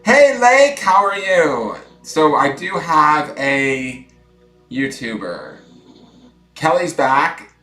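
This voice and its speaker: A man hosting a casual tarot livestream from home, chatty and self-mocking, swinging between loud greetings and mumbled asides. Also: fairly high pitch, very animated, drawn-out words, roomy sound, soft background music. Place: room at home with dogs snoring nearby.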